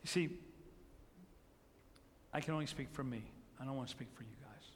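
A man preaching a sermon as pastor, swinging between hushed, drawn-out emphasis and loud, rising peaks, with repeated phrases and rhetorical questions. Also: medium pitch, big-room sound, slight background noise.

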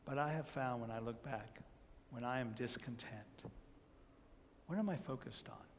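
A man preaching a sermon as pastor, swinging between hushed, drawn-out emphasis and loud, rising peaks, with repeated phrases and rhetorical questions. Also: medium pitch, long reverb tail, slight background noise.

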